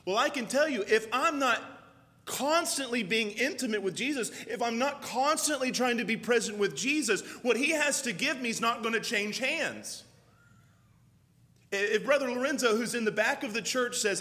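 A man's voice: very high-pitched, expressive, normal speed, pushed and bright, in a large hall. A male pastor preaching a sermon with emphatic, repeated phrases. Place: church.

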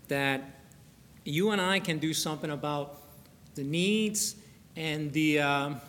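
A middle-aged man preaching a sermon as pastor, chatting in a folksy way, then reading scripture slowly and praying fervently. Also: a little high, fairly bright tone. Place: church sanctuary. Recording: long reverb of a large church hall.

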